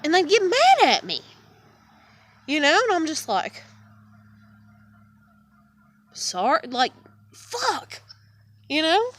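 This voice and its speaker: A high-voiced woman vlogger vents her frustration to camera, upset and stressed, swearing and trailing off into weary sighs. Her voice is a bit bright, with huge pitch swings, a slow pace, and long pauses.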